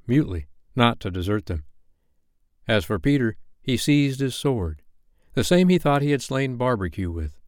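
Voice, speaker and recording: Lively low-voiced male storyteller. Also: no room sound, clean studio sound. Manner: expressive, animated reading. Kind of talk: bedtime story reading.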